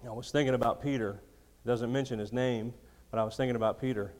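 A man in his thirties preaching a sermon with a storyteller's touch, chuckling often between lines. He drops to near-quiet, then builds to loud, emphatic peaks. His mid-range voice rings out into a long hall reverb. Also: medium pitch, steady tone, quick pace.

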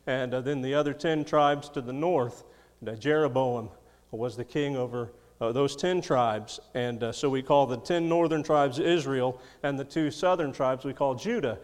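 A man's voice: medium pitch, moderate pace, darkish tone, in a large hall. A man preaching a sermon, reading scripture and adding folksy, chuckling asides. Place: church.

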